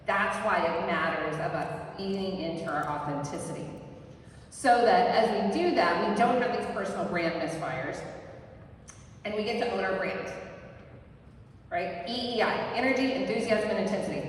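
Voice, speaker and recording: A woman giving a live workshop talk to an audience, energetic and often ending points with a quick "right?". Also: medium pitch. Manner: energetic, ends points with tag questions. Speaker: workshop presenter. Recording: very echoey hall, mic far off, faint noise.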